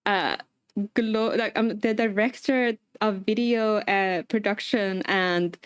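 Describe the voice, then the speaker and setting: A woman's voice: medium pitch, fairly even intonation, slow pace, smooth, no echo, studio quality, close to an everyday voice. A woman voicing a gushing, slightly older female executive with breathless, over-the-top enthusiasm.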